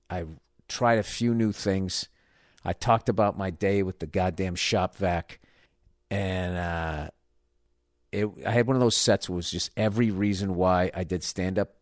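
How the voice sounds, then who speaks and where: Low-voiced man ranting in a profane monologue. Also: no echo, studio quality. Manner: profane, ranting, self-mocking. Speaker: podcast host. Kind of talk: casual storytelling monologue.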